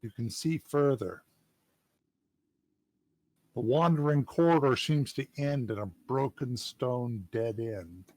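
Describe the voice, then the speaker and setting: Gm guy narrating the dungeon, calm dry delivery, close dead-dry mic. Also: medium pitch, takes it slowly, pauses often, no echo. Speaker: game master. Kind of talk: narrating a tabletop game.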